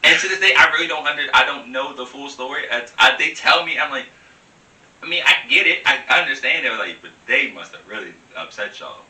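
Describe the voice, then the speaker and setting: Animated fast-talking young man, echoey room. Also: mid-range voice, distant mic. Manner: animated, loose slang, laughs often. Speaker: guest. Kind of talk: casual chat over wine.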